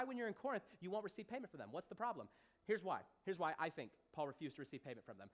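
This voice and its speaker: Fast-talking young male pastor. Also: high-pitched. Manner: animated, repeats phrases, asks "does that make sense". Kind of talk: conversational Bible teaching.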